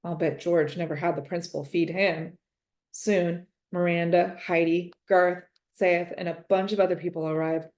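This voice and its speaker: A woman reading a children's chapter book aloud, gentle and expressive, in first person. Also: fairly low pitch, moderate pace. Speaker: reader. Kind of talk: storybook read-aloud.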